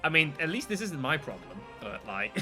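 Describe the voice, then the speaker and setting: A man hosting a casual video game let's play, chatting in a lively way and swearing freely. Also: a little high, moderate pace. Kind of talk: casual gameplay commentary. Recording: game music behind. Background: game music.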